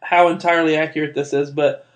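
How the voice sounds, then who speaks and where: Hesitant, hedging man, fairly high voice. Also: level tone, quick pace. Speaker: podcast co-host. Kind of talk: casual chat.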